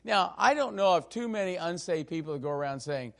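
A male pastor preaches with a raised, somewhat high voice and a gravelly edge. He leans hard on key words, slowing them down for emphasis, then drifts into loose asides full of fillers. The delivery stays conversational yet emphatic. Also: expressive, fairly bright tone. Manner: emphatic preaching with slow stressed phrases and frequent fillers. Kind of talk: sermon.

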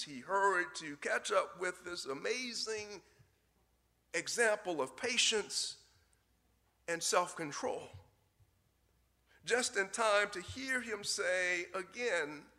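A man preaching a sermon, telling a folksy story in a deliberate way with short pauses. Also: high voice, vocal fry, pushed and bright. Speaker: pastor.

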